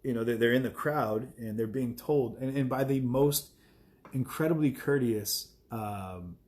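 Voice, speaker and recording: A man's voice: mid-range voice, a little slow, a little mellow. A man chatting casually to viewers on a live stream, rambling with many fillers and chuckling asides.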